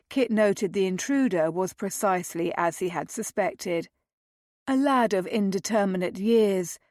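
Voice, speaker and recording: A woman reads a historical romance aloud in a measured, dramatic way. She takes her time with every line, unhurried and even. The sound is close and dry. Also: medium pitch, no echo. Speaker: narrator. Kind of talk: audiobook narration.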